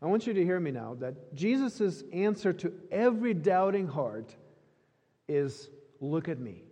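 Male pastor, fairly high mellow voice, earnest emphatic sermon, long hall reverb. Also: very animated, measured pace, breathy edge. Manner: earnest, emphatic preaching with repetition.

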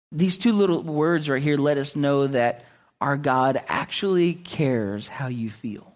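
A man preaching a sermon in an earnest way, often restarting his words and clearing his throat. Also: on the high side. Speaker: pastor.

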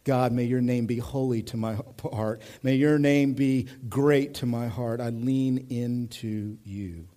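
A male pastor in his thirties preaching a sermon in an animated, conversational way, moving between hushed and loud. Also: medium pitch, takes it slowly, few pauses.

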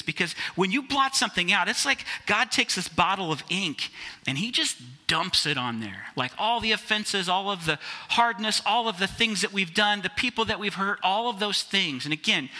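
Male pastor, conversational sermon delivery, fairly high, very bright tone. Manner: conversational, addresses listeners as guys.

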